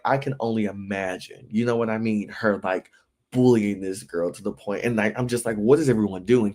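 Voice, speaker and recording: A man with a fairly low speaking voice chats through a casual gossip recap. He talks loosely, full of "like" and "you know," and keeps breaking into shrill, exaggerated impressions when he quotes people. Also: a little mellow. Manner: chatty, filler-heavy, acts out quoted lines in high voices. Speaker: recap show host.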